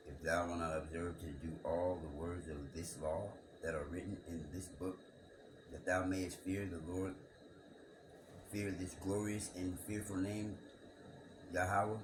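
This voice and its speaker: A man's voice: low voice, steady tone, slow pace, long pauses. A man reading a scripture passage aloud and musing over it, asking rhetorical questions and repeating his words. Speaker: scripture commentator. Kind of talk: reflective bible commentary monologue. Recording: echoey room with background noise.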